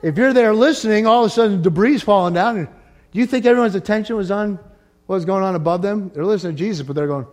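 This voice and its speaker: A man preaching a sermon, swinging from hushed asides to shouted peaks and telling the story with playful voiced asides. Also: sits high, fast. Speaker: pastor.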